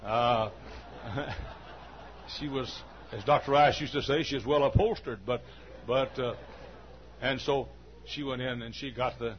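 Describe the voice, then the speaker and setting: A man's voice: medium pitch, steady tone, a little slow, pauses often. A man in his forties, a pastor telling a folksy story in a sermon, chatty and full of "uh" fillers. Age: 40s. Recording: dull lo-fi recording with faint hum.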